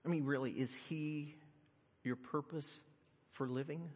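A middle-aged man preaching a sermon, swinging from loud, high-pitched emphasis to quiet, earnest tones. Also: fairly even intonation, a little slow. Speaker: pastor. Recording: long hall reverb.

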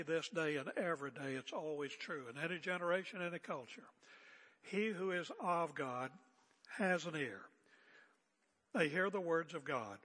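A man's voice: on the high side, moderate pace, pushed and bright, long reverb tail. An older man preaching an expository sermon as pastor, conversational and emphatic with joking asides.

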